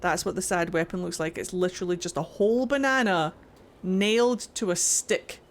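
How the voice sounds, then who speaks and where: An Irish woman streaming a video game, chatting excitedly with jokes and swearing in casual let's-play commentary. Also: fairly low pitch, moderate pace. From Ireland. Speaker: gaming streamer.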